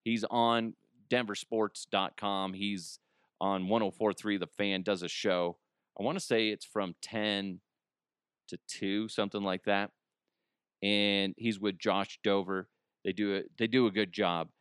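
A man's voice: fairly low pitch, fairly even intonation, a little slow, a bit bright, smooth, dry recording, studio quality. A man hosting a podcast, rambling through a casual comedic monologue and laughing at his own jokes. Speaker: podcast host.

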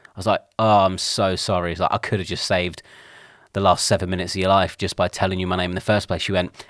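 Guy rambling through a story on his podcast, low voice, dry close mic. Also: little pitch movement, quick pace, fairly bright tone, no room sound. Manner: rambling storyteller, acts out others' lines. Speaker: podcast co-host. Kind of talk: casual chat.

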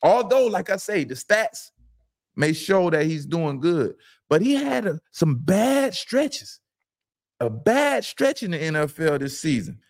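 A man's voice: fairly high pitch, very animated, unhurried, gravelly. A middle-aged man, a former football player co-hosting a casual sports talk show, telling stories emphatically and repeating his phrases.

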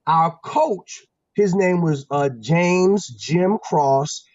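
A man from Pennsylvania, a former football player and guest, telling stories in a casual, animated, slangy way with lots of restarts. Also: high voice, extremely slow, no room sound, dull audio. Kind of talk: casual storytelling.

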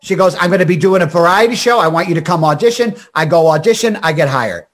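High-voiced older comedian telling stories. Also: male voice. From Scranton, Pennsylvania. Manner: rapid, animated anecdotes with restarts and quoted voices. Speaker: comedian and actor guest. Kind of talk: storytelling interview chat.

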